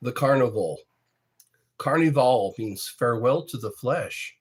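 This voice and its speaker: A man's voice: medium pitch, lively intonation, a little slow, slightly rough. A man hosting a livestream, chatting casually and drifting from topic to topic with chuckles. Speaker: livestream host. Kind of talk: rambling casual livestream chat.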